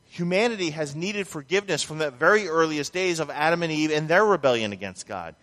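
A man delivers a sermon in a church sanctuary, pressing hard on repeated phrases for emphasis. His voice sits a little high for a man. The sound carries a long hall reverb. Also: expressive, a little fast, a bit bright. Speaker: pastor.

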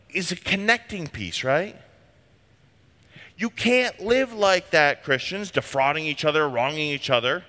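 A man's voice: on the high side, lively intonation, unhurried, a bit bright, in a large hall. A man preaching a sermon as a pastor, talking in an emphatic, conversational way.

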